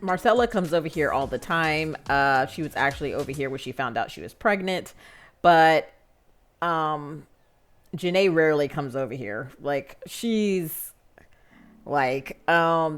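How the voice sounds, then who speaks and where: A woman's voice: low voice, animated, unhurried, faint music behind. A woman giving casual, chatty gameplay commentary, with lots of fillers and frequent laughter. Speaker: Sims gameplay narrator.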